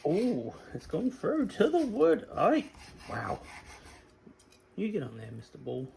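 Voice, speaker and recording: A man's voice: high voice, wildly swooping pitch, slow, creaky, a little mellow, slight background noise, low-quality recording. A man from England doing a casual, self-mocking home cooking vlog, chatting to his dogs between steps. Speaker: cooking vlogger.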